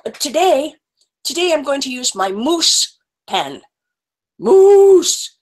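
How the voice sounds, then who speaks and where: A woman telling stories and reading poems to children in a playful, animated way, with animal sound effects, over a video call. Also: high voice, a little slow, poor audio. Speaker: children's storyteller.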